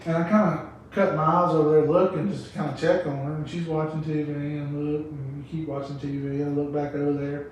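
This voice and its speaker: A man's voice: little pitch movement, a little fast, hardly any pauses, darkish tone. A man, telling stories in a rambling, casual way as a podcast guest. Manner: rambling, laughing, acts out quotes in a high voice. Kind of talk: casual storytelling chat. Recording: roomy echo, mic at a distance, faint room noise.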